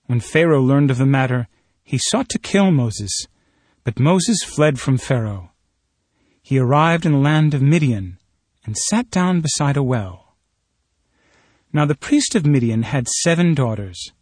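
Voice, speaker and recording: A man reading a scripture passage aloud in a steady, measured storytelling voice. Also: mid-range voice, dry recording.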